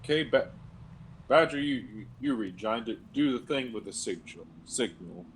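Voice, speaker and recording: A man's voice: medium pitch, lively intonation, moderate pace, a little hiss or hum. A man playing a tabletop game over an online call, hesitant, stammering and repeating words. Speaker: player. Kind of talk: casual tabletop game chat. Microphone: own microphone over an online call.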